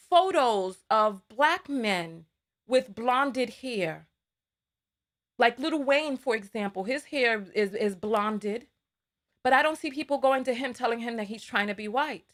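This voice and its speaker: Woman host, live-stream commentary, indignant, pitch a touch high. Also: animated, takes it slowly, a bit bright. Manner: heated, indignant, repeats herself. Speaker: livestream host.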